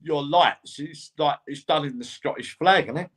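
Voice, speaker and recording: A man's voice: a little high, normal speed, a bit bright, breathy edge. A man appearing as the guest medium on a live online show, chatty and teasing, often stammering at the start of a sentence. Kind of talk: casual live-stream chat.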